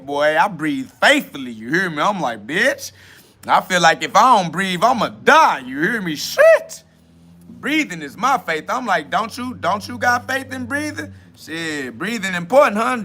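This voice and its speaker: A man hosting a self-talk podcast, ranting loudly and boastfully in profane slang and mockingly imitating other people's questions. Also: high-pitched. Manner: loud, boastful, swearing slang rant with bursts of laughter. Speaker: podcast host.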